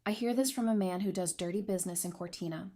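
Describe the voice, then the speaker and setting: A stern young nobleman speaks in a cold, clipped and accusing way, voiced by a woman reading a storybook recap. His pitch sits in the middle of the range, with no warmth. He sounds like a duke who will not tolerate lies. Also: fast talker, lightly acted.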